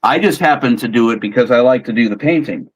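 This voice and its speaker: A man's voice: mid-range voice, animated, fast, rough recording. A man in a casual chat, patiently explaining how he runs a tabletop role-playing game, often restarting his sentences.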